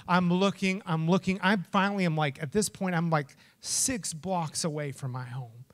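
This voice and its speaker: Male pastor, middle-aged, high voice, animated storytelling sermon, acts out quotes. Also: moderate pace. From Texas.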